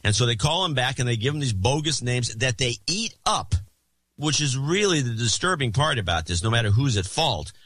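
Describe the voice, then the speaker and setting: A man's voice: medium pitch, big pitch swings, fairly bright tone. Rambling man on a podcast. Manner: rambling, halting with restarts and fillers. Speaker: podcast co-host. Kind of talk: casual chat.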